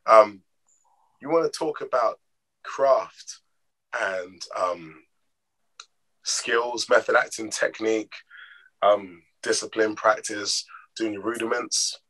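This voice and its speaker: An actor being interviewed, telling stories expressively and acting out the dialogue. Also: male voice, lowish voice, slow, long pauses, low-quality recording. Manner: expressive, acts out quoted dialogue. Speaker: actor guest. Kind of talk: animated storytelling in an interview.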